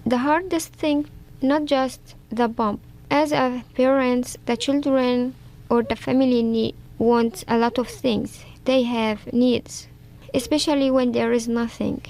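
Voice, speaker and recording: A mother from Syria speaking slow, halting second-language English as she reads a prepared statement. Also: a little high, fairly even intonation, darkish tone. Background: music.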